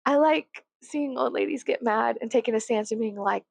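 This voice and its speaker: A woman's voice: fairly high pitch, moderate pace, creaky, no room sound. A woman vlogging in a casual rant, swearing freely, giggling and rambling.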